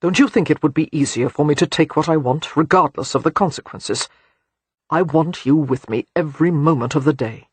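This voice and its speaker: A man playing a brooding, war-scarred young gentleman who speaks in a quiet, measured, grave way, with a husky tone. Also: on the high side, no echo.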